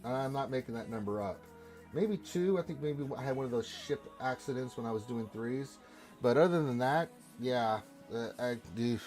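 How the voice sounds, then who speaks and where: A man hosting a gaming livestream, reading out viewer messages in a lively, jokey way, loud on greetings and quieter on asides. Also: medium pitch, moderate pace, soft background music. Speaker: livestream host.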